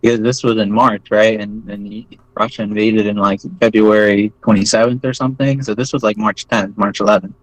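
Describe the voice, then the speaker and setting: A man's voice: medium pitch, dry recording, low-quality recording. A man recounting his own experiences in a loose, casual way, full of fillers and "right?" tag questions. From United States. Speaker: veteran telling his story. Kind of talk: casual first-person storytelling.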